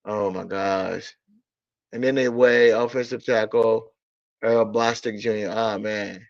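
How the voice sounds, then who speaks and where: A man's voice: on the low side, fairly even intonation, slow pace, vocal fry, no echo. A man ranting about football in a casual stream, blunt and profane, repeating himself in exasperation. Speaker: sports talk streamer. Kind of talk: casual sports rant. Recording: dull lo-fi audio.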